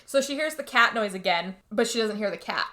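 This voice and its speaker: A woman casually retelling a movie plot on a podcast, chatty and animated, jumping into higher voices for the characters. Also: a little fast. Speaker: podcast co-host. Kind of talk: casual movie recap chat.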